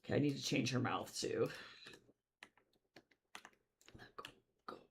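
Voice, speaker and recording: A man streaming while he draws comics, chatting casually and rambling, swinging between loud excitement and low mumbling. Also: slow pace, creaky, slightly rough. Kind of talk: casual livestream chat while drawing.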